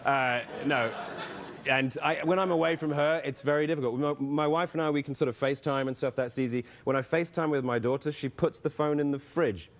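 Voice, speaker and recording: A man's voice: on the high side, a little fast. A man, a guest on a talk show, telling self-deprecating jokes and anecdotes. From England. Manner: self-deprecating, jokey storyteller. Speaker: actor guest. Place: TV studio with live audience.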